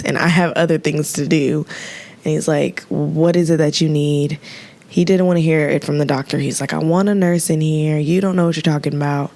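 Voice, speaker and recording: A young woman, a nurse, telling a story in a casual, animated way, laughing and acting out the people in it. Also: sits low. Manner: animated, laughing, quotes people in lively voices. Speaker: nurse and podcast host.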